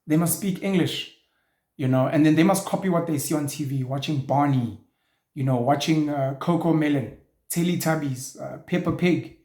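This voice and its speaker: A man's voice: fairly high pitch, moderate pace, dark tone. A man, hosting a show and ranting bluntly in an opinionated monologue, now and then swearing. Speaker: show host. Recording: echoey room.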